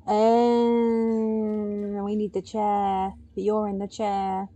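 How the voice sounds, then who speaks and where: A woman giving gaming commentary, excitably urging her character on and yelping at scares. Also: medium pitch, extremely slow, lo-fi sound. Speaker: let's play gamer.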